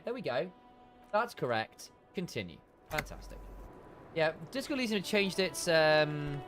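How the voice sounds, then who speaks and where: A man's voice: a little high, fairly bright tone. A man streaming a game live, chatting casually to viewers and muttering to himself while he fiddles with his settings.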